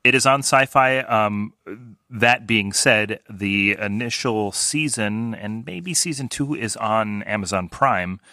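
A man's voice: on the low side, takes it slowly, sharp tone, no echo. A man chatting on a podcast among friends, sharing trivia with dry humor. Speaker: podcast guest. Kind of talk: casual chat.

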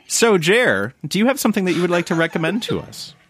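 Jokey podcast host, lively voice. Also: male voice, high voice, slight background noise. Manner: jokey, laughs often. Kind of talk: casual chat.

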